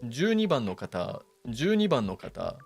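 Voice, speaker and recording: A man voicing a robotic ward-office announcer who calls out numbers in a deep, flat, mechanical way. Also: moderate pace, gravelly, soft background music.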